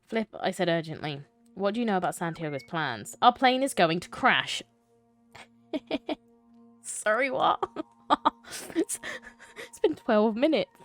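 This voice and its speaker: A woman streamer reading a choose-your-path story game aloud, breaking off to swear and joke between lines. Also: lowish voice.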